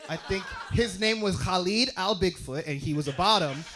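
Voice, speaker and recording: There's slight background noise as a young Utah comedian works through his stand-up at a moderate pace, animatedly shifting between loud, high character voices and low asides.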